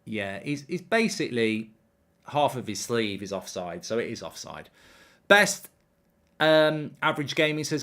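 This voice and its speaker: A man's voice: medium pitch, moderate pace, fairly bright tone. A man hosting a live football watchalong, chatty and rambling with lots of ums. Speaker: host.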